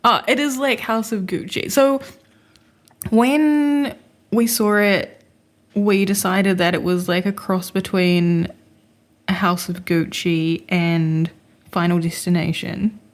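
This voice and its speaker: A woman's voice: medium pitch, fairly even intonation, slow. Giggly woman podcast co-host. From Australia. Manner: laughing, mocks accents with put-on voices. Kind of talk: casual chat.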